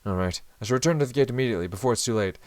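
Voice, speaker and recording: A man's voice: mid-range voice, racing, a little mellow, dry recording, natural voice. A man reading aloud the inner monologue of a formal, flustered young male samurai from a visual novel. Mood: fretful.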